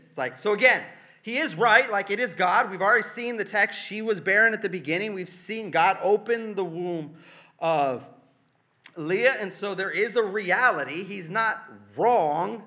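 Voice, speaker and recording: A man delivers a sermon in a relaxed, conversational way, with dry asides. His voice sits high and sounds bright and forward. When he quotes people, he gets louder and more pointed. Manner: conversational, wry, acts out quotes with rising emphasis. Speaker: preacher.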